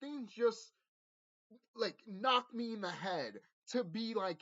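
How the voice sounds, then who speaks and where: A man's voice: high voice, big pitch swings, measured pace, a bit bright. A man talks straight to his viewers in an intense, profane spiritual monologue, often repeating himself and restarting his sentences. His voice leaps up and down as he speaks. The recording is muffled and lo-fi. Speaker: vlogger. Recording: dull lo-fi audio.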